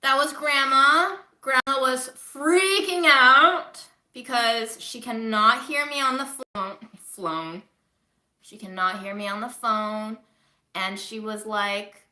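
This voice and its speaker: A woman with a fairly high, sharp voice speaks slowly in an echoey room. Recovering from covid, she chats candidly with viewers on a home livestream as a vlogger, swearing casually.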